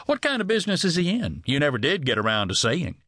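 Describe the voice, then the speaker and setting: A man's voice: fairly high pitch, wildly swooping pitch, quick pace, fairly bright tone, no room sound, studio quality, pitched above the performer's own voice, exaggerated voice. A man doing a wary cowboy drifter.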